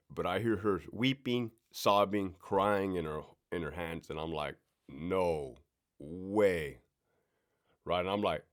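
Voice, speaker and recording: A man, a prison officer and crisis negotiator, telling a story in a casual, slangy, profane way. He keeps tagging his lines with "right?" and often drops his voice to a hush. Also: medium pitch.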